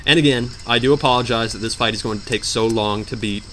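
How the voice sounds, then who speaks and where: A man's voice: mid-range voice, quick pace, pushed and bright, slight background noise. A young man doing let's play commentary while gaming, rambling and joking with melodramatic outbursts. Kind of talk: game commentary.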